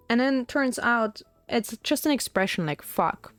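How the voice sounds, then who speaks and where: A woman's voice: a little high, lively intonation, a little slow, few pauses, fairly bright tone, dry recording, faint music behind. A young woman streaming as a VTuber, chatting in a rambling, casual way while she paints miniatures, full of "like" fillers.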